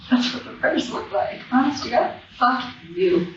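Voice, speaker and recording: A woman's voice: sits high, animated, unhurried, slight background noise. Blunt, profane woman speaking in an echoey hall. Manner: raw, blunt and profane, with emotional swells. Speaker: recovery convention speaker. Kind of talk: personal recovery testimony from a podium. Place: large convention hall. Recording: echoey, distant, dull hall recording.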